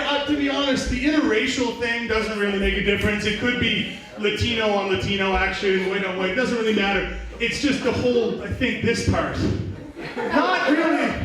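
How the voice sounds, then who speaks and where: Male stand-up comic, high voice, rambling and profane; heard from a distance with a loud crowd around him. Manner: profane, rambling, self-mocking. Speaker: stand-up comedian. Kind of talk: stand-up comedy set. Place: small bar venue, indoors. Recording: echoey room from far off, audience noise.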